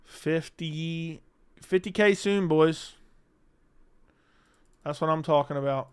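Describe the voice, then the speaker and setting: Young male streamer, slightly raised pitch and clean tone, loose, salty chat reading viewer comments. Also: slow pace, smooth, dry recording. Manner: casual, profane, reads chat comments aloud. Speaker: livestream host. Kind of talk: casual live-stream chat.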